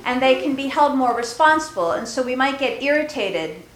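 A woman pastor giving a children's sermon in a church, asking questions, laughing easily and teaching in a gentle tone. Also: sits high, expressive, moderate pace, slight background noise. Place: large church sanctuary. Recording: echoey church hall.

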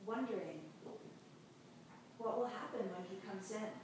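A woman pastor giving a sermon, telling a story in a slow, measured way with long pauses. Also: medium pitch. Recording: very echoey hall, distant mic, faint noise.

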